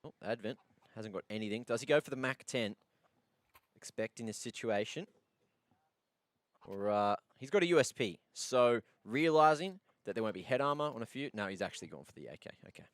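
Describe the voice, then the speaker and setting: Excitable man calling esports play-by-play. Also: medium pitch, brisk, dry recording. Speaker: esports caster. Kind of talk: play-by-play commentary.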